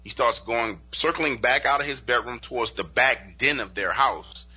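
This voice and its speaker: Husky, very bright-voiced male storyteller. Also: mid-range voice, moderate pace. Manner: animated, acts out witnesses' quotes in dialogue; conversational, peppered with "you know" and "like". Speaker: podcast guest telling paranormal encounter stories. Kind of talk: casual spoken storytelling.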